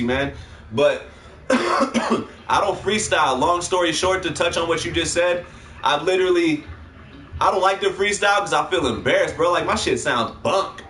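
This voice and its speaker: A man with a high voice talks in a loose, slangy livestream chat, full of swearing and quick laughs. He has been drinking. The sound bounces around an echoey room. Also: fairly bright tone. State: drinking while talking. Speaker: livestream co-host. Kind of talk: casual chat.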